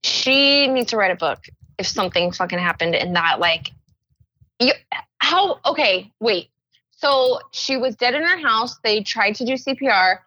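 A woman's voice: fairly high pitch, expressive, unhurried, sharp tone, no room sound. A woman co-hosting a casual podcast who rambles as she works through her thoughts, dropping "like" again and again. Her voice comes through dull and lo-fi, with a close, dry sound. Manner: rambling, leans heavily on "like". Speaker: podcast co-host. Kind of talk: casual chat.

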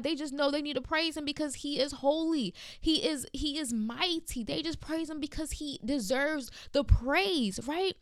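A woman preaching an impassioned sermon, repeating phrases and slowing down for emphasis. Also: high-pitched, fairly bright tone, dry recording.

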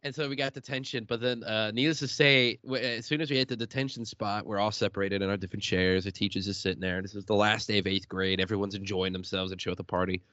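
A man's voice: on the low side, fairly even intonation, fast, few pauses, sharp tone, dry recording, muffled recording. A young man from Illinois hosting an uncensored podcast, telling stories with lots of swearing and laughter. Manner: profane, laughing storyteller. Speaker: podcast host. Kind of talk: uncensored casual chat.

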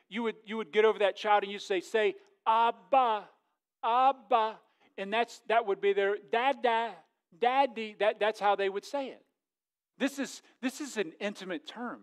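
A middle-aged man, a pastor preaching a sermon in a church, jokey and animated, swinging between loud and hushed. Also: high voice. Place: church sanctuary.

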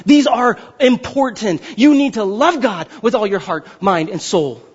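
A man in his thirties preaching a sermon as pastor, excitable and fast-talking, often asking the crowd questions. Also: sits high, husky, highs cut off.

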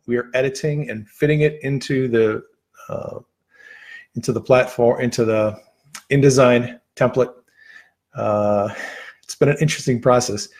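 A man hosting a casual livestream and chatting to his viewers in a rambling, halting way, full of fillers and restarts. He is losing his voice after an hour of talking. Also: mid-range voice, a little mellow. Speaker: livestream host.

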